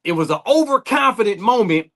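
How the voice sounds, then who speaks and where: Brief: high-voiced, lively man, easygoing co-host who laughs a lot. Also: fairly quick. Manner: laughs often, teasing banter. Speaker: podcast co-host. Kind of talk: casual chat.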